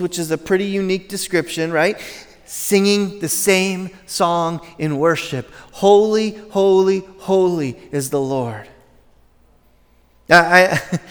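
A man with a high voice preaches to his congregation, chatty and self-deprecating, laughing at his own asides and often restarting his sentences. His voice carries a long reverb from a church hall. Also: a bit bright. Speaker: pastor. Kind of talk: sermon. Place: church sanctuary.

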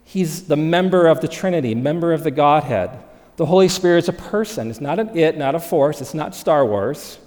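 Male preacher, upper-register voice, animated sermon delivery that drops to quiet intimacy, recorded in a hall with a long echo tail. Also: a little high, normal speed. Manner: animated, swings from loud emphasis to hushed softness. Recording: long reverb of a large hall.

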